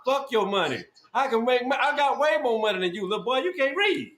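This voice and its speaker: A man hosting a podcast who berates his guest in a loud, repetitive, profane rant. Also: extremely high pitch, very animated, a little fast. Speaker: podcast host. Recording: echoey room with faint noise.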